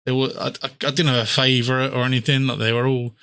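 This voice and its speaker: A man chats casually on a gaming podcast, his voice bright and forward. He stumbles through restarts and fillers and swears freely. His pitch sits in an ordinary middle range. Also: little pitch movement, quick pace, clear, resonant tone. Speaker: podcast co-host.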